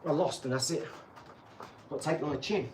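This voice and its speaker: A man's voice: fairly high pitch, fairly quick, a little mellow, slight background noise. A man, hosting a live stream, chatting in a rambling, boastful way, laughing at himself and sliding into boxing tips. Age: 40s. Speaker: channel host.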